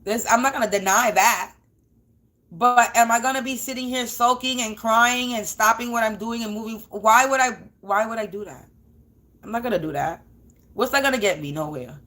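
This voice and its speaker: Woman, fairly high voice, defiant, emotional, repetitive vlog monologue. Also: moderate pace, a bit bright. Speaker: spiritual reader and vlogger.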